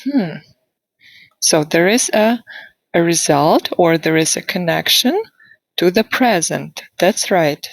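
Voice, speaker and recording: Teaching English online, a woman models sentences slowly and deliberately for her students to echo back during a demo grammar lesson. Her somewhat low voice has lively intonation and some vocal fry, and the recording is dry and close-miked without room sound. Short, upbeat prompts are how she checks their answers.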